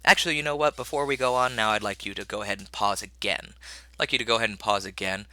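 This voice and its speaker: Low-voiced male instructor, bright and dry. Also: fairly even intonation, fast. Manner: casual, rambling with many fillers and restarts. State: slightly ill, coughing. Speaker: college instructor. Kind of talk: recorded video lecture.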